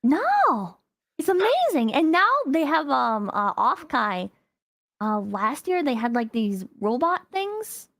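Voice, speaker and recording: A young woman guest chats on a podcast, laid-back and teasing, dropping "like" often. Her voice is high and swings up and down a lot. The sound is dry, close to the mic. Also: huge pitch swings, slow, a bit bright, dry recording. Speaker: guest, VTuber. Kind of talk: casual chat.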